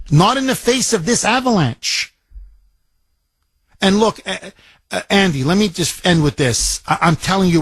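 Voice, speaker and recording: Talk radio host, American man, emphatic monologue style, a touch husky, dry studio sound. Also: high-pitched, no echo. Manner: emphatic, repetitive, quoting listeners in his own voice.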